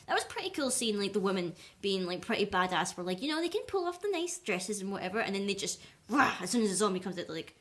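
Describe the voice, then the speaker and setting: A woman's voice: medium pitch, a bit bright. A woman giving a casual film review vlog, rambling and peppering her talk with "like" and "or whatever". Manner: chatty, rambling, heavy use of "like" and "or whatever".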